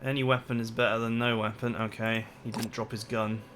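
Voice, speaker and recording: A man's voice: fairly low pitch, level tone, a little fast, noisy background. A man casually commenting on his own strategy game as he plays, reacting aloud to each turn. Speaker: gaming commentator. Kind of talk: let's play commentary.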